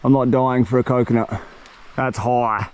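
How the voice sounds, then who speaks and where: A young man, chatting excitedly and slangily to the camera while exploring a tropical jungle outdoors. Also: medium pitch, moderate pace, smooth. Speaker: survival vlogger. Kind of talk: solo outdoor vlog narration.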